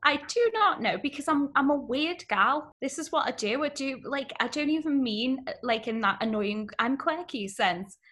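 A young actress, a guest on a podcast, talking in a chatty, self-deprecating way and laughing often. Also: female voice, high-pitched, lively intonation, moderate pace, hardly any pauses, fairly bright tone. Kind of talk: casual podcast interview.

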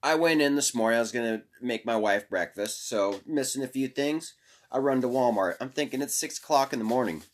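A man's voice: medium pitch, brisk. A man hosting a podcast, chatting casually in a rambling way with cursing and frequent restarts. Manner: rambling, cursing, self-interrupting. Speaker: podcast host. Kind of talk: casual chat.

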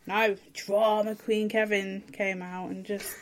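A woman's voice: medium pitch, flat delivery, takes it slowly, slight background noise. A woman in casual podcast chat, sounding exasperated and teasing. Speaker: podcast guest.

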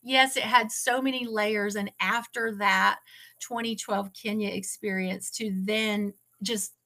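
Woman, interview guest, earnest, emotional, near tears, bright tone. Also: mid-range voice, fairly even intonation, measured pace. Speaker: ministry founder and guest. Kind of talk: conversational interview storytelling.

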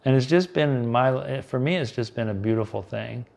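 A man preaching a devotional sermon, earnest, rising loud on key lines and dropping soft and quiet on others. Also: medium pitch, moderate pace, vocal fry. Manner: earnest, swells loud then drops soft.

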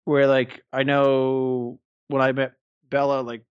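A man's voice: medium pitch, little pitch movement, takes it slowly, clean tone, dry recording, highs cut off. A man co-hosting a podcast, talking frankly and rambling in casual chat. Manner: rambling, frank, loose with swearing. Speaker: podcast co-host.

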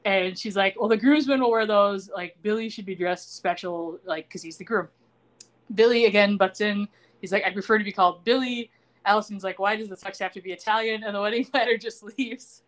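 A woman's voice: mid-range voice, brisk. A woman hosting a podcast, recapping a TV episode in casual chat and acting out the characters' lines. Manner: animated storytelling, acts out quoted lines.

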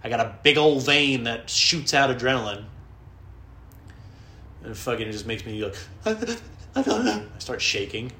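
A man's voice: mid-range voice, steady tone, normal speed, long pauses, pushed and bright, a little hiss or hum. Male podcast host, casual profane comic rambler, mimics voices; roomy echo. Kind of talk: casual comedic monologue. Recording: echoey room, faint background.

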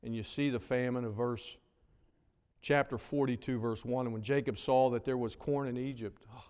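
A man's voice: mid-range voice, steady tone, normal speed. Preacher man in a reverberant hall. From North Carolina. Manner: dramatic swings from loud to hushed. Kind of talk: sermon. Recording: long reverb of a large hall.

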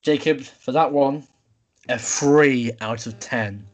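A man's voice: mid-range voice, slow. A young man hosting a casual podcast chat, running a quiz game in an upbeat, announcing way. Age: young adult. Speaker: podcast host.

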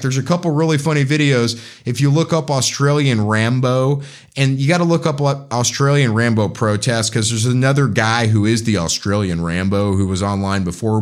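Impassioned American man hosting a podcast. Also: medium pitch. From United States. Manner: impassioned, urging listeners to act. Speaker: podcast host. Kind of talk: political commentary podcast.

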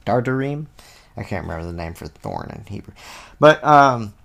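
A man leading an informal Bible study, reading passages aloud and then explaining them in a relaxed, conversational way, often thinking out loud. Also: fairly low pitch, normal speed, gravelly. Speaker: Bible teacher.

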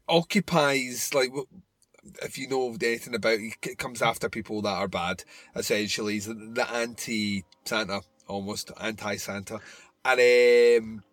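A man's voice: mid-range voice, fairly bright tone, no room sound. Podcast co-host, male, casual rambling movie chat, dry close sound, faint music bed. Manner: rambling, loose, with fillers and swearing.

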